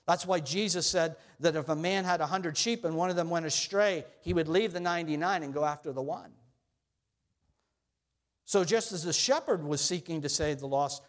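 A middle-aged male pastor delivers a sermon in a somewhat high voice. He preaches earnestly, rising loud and high when quoting scripture and sinking low and soft when asking his listeners questions. His talk is plain and direct, with a few restarts.

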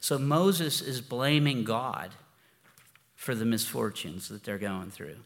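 A man's voice: medium pitch, slow. A pastor giving a conversational sermon, informal and storytelling, often restarting his sentences. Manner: informal and storytelling, with frequent restarts and "you know". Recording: long hall reverb.

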